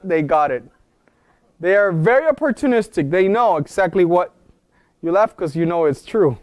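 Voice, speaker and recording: A man with a high, expressive, somewhat dark voice speaks at a moderate pace while teaching a wellness class at a wellness center. His informal lecture is explanatory, and he often checks in by asking the audience questions. The studio-quality recording has no echo.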